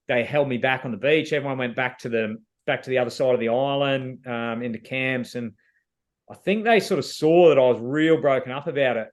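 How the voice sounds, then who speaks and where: Candid Australian man telling a story. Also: medium pitch. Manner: candid, emotional retelling that acts out quoted dialogue. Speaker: reality show contestant as guest. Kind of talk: casual storytelling interview.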